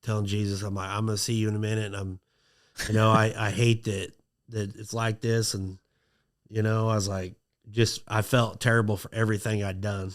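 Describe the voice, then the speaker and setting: A man telling a long story on a podcast in a casual, lively way, acting out quotes in a high excited voice. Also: normal speed. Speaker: podcast guest.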